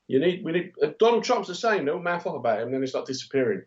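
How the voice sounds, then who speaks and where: A man's voice: medium pitch, animated, fast talker. A middle-aged man co-hosting a podcast in casual comedic banter, blunt and jokey, slipping into silly voices. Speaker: podcast co-host. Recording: muffled lo-fi recording.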